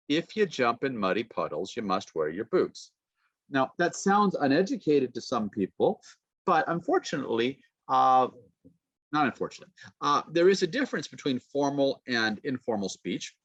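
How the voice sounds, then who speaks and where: A man teaching pronunciation in an online lecture, modeling words slowly and clearly and praising students warmly. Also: mid-range voice, animated, no echo. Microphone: video call. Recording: dull, dry online call audio.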